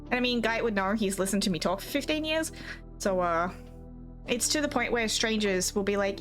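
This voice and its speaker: A woman's voice: mid-range voice, lively intonation, a little fast, soft background music. A woman with an Australian accent, slightly Americanized, chatting casually with her live chat as a streamer, rambling and giggling.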